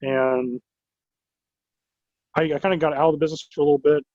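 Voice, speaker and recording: A man who owns a wrestling promotion, telling stories in a casual interview with an animated, rambling manner and many filler words. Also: a little high, fairly quick, dry recording. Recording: dull lo-fi recording.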